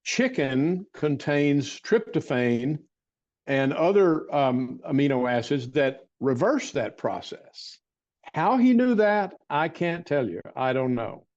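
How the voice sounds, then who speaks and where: An older man telling a personal story as an interview guest, with rambling restarts and frequent throat clearing. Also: fairly high pitch, big pitch swings, takes it slowly, a little mellow, dull audio. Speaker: interview guest, martial arts teacher.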